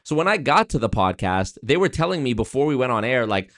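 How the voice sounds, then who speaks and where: A man's voice: mid-range voice, brisk, few pauses. A man hosting his show, casually telling a story and acting out what others said. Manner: animated retelling with quoted voices. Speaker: host.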